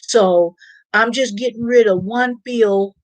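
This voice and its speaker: A woman's voice: fairly high pitch, slow pace, no room sound, low-quality recording. A woman hosting a casual live stream, reading viewer comments aloud and chatting in a rambling way with frequent laughter. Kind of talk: casual live-chat talk.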